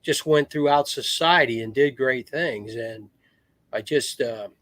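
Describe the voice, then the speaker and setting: A man's voice: medium pitch, unhurried, a bit bright, no echo. A middle-aged man, a retired Marine officer, telling rambling war stories in a casual podcast chat. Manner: rambling war stories with restarts, acts out quoted voices. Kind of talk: casual storytelling.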